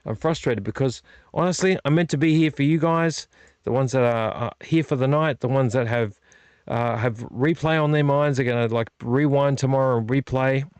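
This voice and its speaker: A man's voice: medium pitch, moderate pace, a little mellow, smooth, no echo. Weary man venting on a vlog. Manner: rambling, self-deprecating, frequent restarts. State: frustrated and weary. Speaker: vlog host. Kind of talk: casual late-night vlog chat. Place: home movie collection room.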